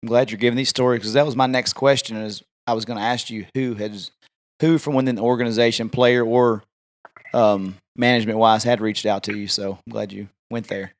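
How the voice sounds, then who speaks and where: A man's voice: medium pitch, fairly even intonation, a little fast. A man hosting a podcast, chatting enthusiastically with his guest in a casual interview. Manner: chatty, enthusiastic fan talk. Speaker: podcast host.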